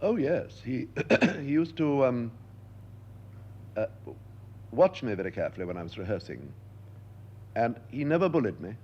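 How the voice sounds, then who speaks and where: An older man being interviewed, telling lively stories and acting out the voices he quotes. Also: medium pitch, moderate pace, long pauses, dull audio, slight background noise. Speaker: interviewed actor. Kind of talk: anecdotal interview talk.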